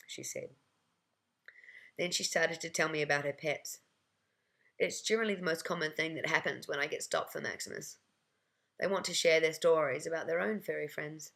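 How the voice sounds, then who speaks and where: A storyteller with a gravelly, creaky voice recounting a personal anecdote. The delivery is wry and conversational, with a mid-range pitch. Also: steady tone, moderate pace, a bit bright.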